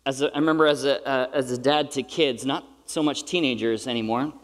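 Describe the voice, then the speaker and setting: A man's voice: medium pitch, fairly quick. A middle-aged man preaching a sermon to a live audience, in a conversational, earnest and self-deprecating way. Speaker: pastor. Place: large hall with live audience. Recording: reverberant hall.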